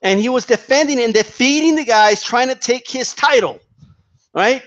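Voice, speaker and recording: A man's voice: very high-pitched, normal speed, highs cut off. A man giving heated, profane boxing commentary, restarting his sentences often as he rants. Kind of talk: ranting commentary vlog.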